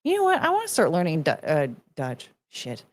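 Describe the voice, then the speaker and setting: A woman's voice: low-pitched, wildly swooping pitch, fairly quick, no echo. A young woman hosting a casual commentary stream, rambling and swearing, slipping into mocking voices when she quotes people. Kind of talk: casual rambling livestream chat.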